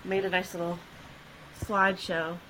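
Bright-voiced woman podcast host. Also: lowish voice, moderate pace, a little hiss or hum, rough recording. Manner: chatty, laughs easily, relaxed storytelling with fillers. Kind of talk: casual chat, telling a case.

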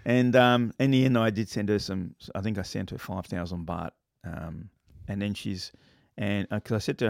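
A man's voice: fairly even intonation, moderate pace, vocal fry, hardly any pauses, dry recording, clean studio sound. A man telling a long story in casual chat, rambling with many fillers and restarts. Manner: acts out quoted lines in a higher voice.

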